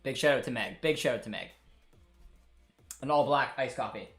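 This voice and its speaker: A man from Canada, hosting a live football watchalong, talks casually and at length to viewers and his producer. He has a mid-range voice with a fairly bright tone and moderate pace, and faint music can be heard behind him.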